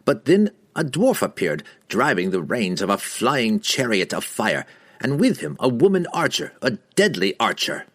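A proud pirate captain in chains from a fantasy audiobook, voiced by a man narrating, hisses and groans in a strained, pleading husky voice. His pitch jumps around with frustration. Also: wildly swooping pitch, normal speed, fairly bright tone. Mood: desperate. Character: bitter captive male pirate captain, pleading.

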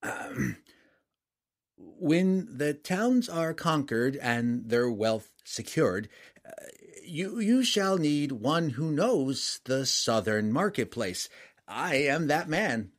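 A man voicing a nervous, scheming little merchant who stammers and speaks in a raised, halting voice. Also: on the high side, big pitch swings, voice pushed up, heavily acted.

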